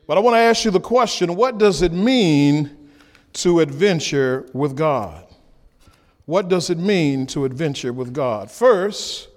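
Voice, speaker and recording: A man preaching a sermon to his congregation, repeating key lines, asking the room questions and rising at times to a shout. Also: high voice. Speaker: pastor.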